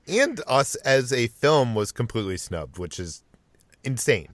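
Man, medium pitch, brisk moderator, casual podcast chat, dry sound. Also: very animated, a bit bright, no echo. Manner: brisk, runs through lists, leads the discussion.

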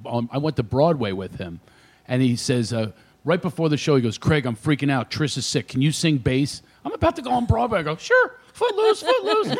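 A comedian guest telling stories on a radio show, full of energy and loud impressions of his friends. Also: fairly high pitch, slightly rough. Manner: animated storyteller, shouts impressions of friends. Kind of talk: casual radio chat, storytelling.

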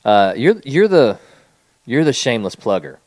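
A young adult man co-hosting a podcast in casual chat, telling rambling, animated stories. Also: medium pitch, normal speed, no room sound. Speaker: podcast co-host.

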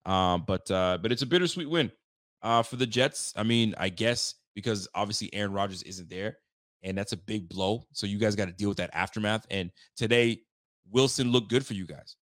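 Man, low voice, fired-up, slangy, casual live postgame host, dry close sound. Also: normal speed, fairly bright tone, no echo. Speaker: sports fan show host. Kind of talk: postgame livestream reaction, reading viewer chats.

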